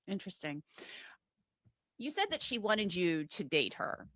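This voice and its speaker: A woman interviewer with a fairly low but very bright, crisp voice. She probes her guest, restating his account back to him, and she is recorded dry and close. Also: very animated, measured pace, no room sound. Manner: probing, paraphrasing. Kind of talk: interview questions.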